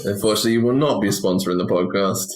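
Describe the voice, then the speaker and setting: Laughing, teasing host in a roomy space. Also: male voice, lowish voice, very fast. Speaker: podcast host. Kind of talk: casual chat. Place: room on a convention trip. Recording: roomy echo.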